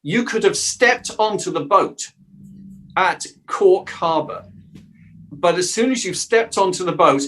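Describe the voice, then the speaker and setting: A middle-aged man who works as a voice actor and dialect coach talks through an interview with an animated, storytelling manner. His speaking voice sits fairly high for a man. He often breaks into little quoted voices to make a point. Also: unhurried. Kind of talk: conversational interview answers.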